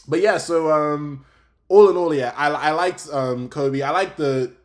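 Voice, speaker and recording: A young man hosting a casual fan chat show. His voice sits a little high for a man. He sounds excitable and animated, and laughs often. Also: a little slow. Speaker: host.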